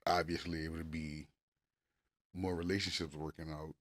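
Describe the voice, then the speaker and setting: A man co-hosting a couples podcast, talking casually and cursing freely, getting loud and animated when he acts out arguments. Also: very deep voice, normal speed. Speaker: podcast co-host.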